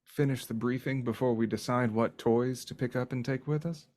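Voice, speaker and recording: A man playing in a tabletop game, making measured suggestions to the group. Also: medium pitch, fairly even intonation, a little mellow. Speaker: player. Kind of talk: casual tabletop play.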